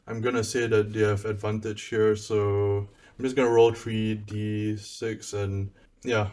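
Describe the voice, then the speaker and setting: A man's voice: lowish voice, a little mellow. A man narrating his solo tabletop game, thinking aloud as he rolls dice, with bursts of laughter. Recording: voice a bit far from the mic, faint music behind.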